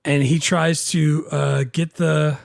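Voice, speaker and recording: Podcast co-host, male, slightly high and gravelly, easygoing and halting. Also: little pitch movement, dry recording, studio quality. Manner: laid-back, laughs often, halting with many "uh"s. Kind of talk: casual movie chat.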